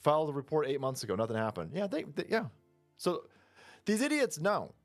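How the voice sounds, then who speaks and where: With wildly swooping pitch and a fairly quick pace, a man delivers profane political commentary over soft background music. He mocks his subjects and mimics them in high voices.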